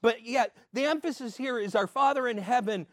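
An older man giving an earnest sermon as a pastor, swinging between emphatic and soft. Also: extremely high pitch, moderate pace, dry recording, clean studio sound.

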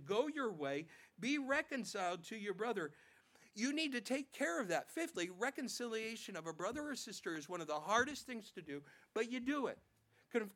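High-voiced male pastor preaching animatedly. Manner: animated preaching, acting out quotes, repeats words. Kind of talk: sermon.

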